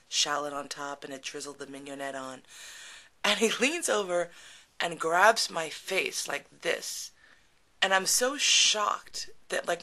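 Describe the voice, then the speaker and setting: Gravelly, bright-voiced woman telling a story. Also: sits low. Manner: chatty, laughing, frank, many fillers. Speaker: podcast storyteller. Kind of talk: casual personal storytelling.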